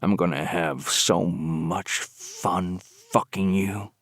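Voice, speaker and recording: A woman voicing a brutal, menacing male mobster, growling slowly in an audiobook. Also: extremely low pitch, fairly even intonation, no echo, studio quality, voice pushed down, exaggerated voice. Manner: growling, slow and gravelly. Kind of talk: audiobook narration.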